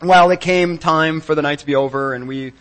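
Animated storytelling man preaching. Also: fairly high pitch, fairly quick, low-quality recording. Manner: animated storyteller, wry and self-mocking. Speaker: pastor. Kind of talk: sermon with personal story.

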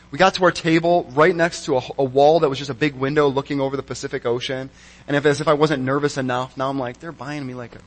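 A man preaching a sermon, telling a personal story in an animated, wry and self-mocking way. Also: fairly high pitch, low-quality recording. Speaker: pastor.

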